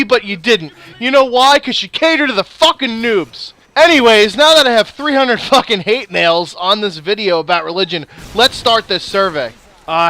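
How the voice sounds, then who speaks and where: A young man rants and jokes through a gaming video, swearing constantly. His voice sits high for a man and sounds bright and forceful. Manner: profane, ranting, sarcastic. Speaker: gaming YouTuber. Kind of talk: casual ranting commentary over gameplay.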